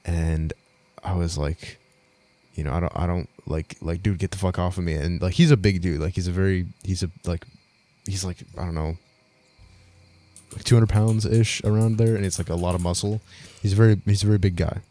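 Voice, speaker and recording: A man's voice: sits low, steady tone, a little fast, dark tone. A young man co-hosting a podcast, telling a story in casual chat, rambling, swearing a lot and laughing as he goes. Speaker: podcast co-host.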